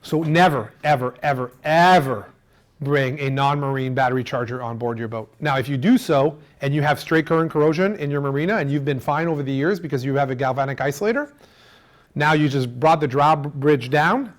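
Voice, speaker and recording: A middle-aged man giving an animated seminar on marine electrics, using food analogies and acting out what customers say. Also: a little high, brisk. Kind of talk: lively technical seminar talk.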